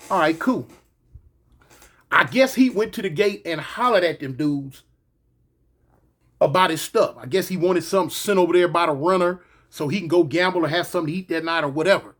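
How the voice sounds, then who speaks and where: Man, high voice, casual storytelling, slangy, punchy sound words. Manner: slangy, animated, punctuates with "bang" and "boom". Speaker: storyteller recounting prison life.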